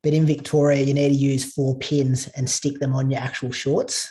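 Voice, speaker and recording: A man hosting a podcast interview, relaxed and conversational. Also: mid-range voice, normal speed. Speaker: podcast host.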